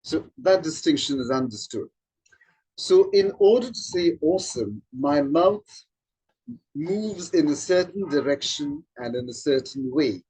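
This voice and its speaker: A man, a trainer, explaining slowly and demonstrating vowel sounds. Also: a little high, darkish tone, slightly rough, rough recording. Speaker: accent trainer. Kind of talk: informal spoken explanation.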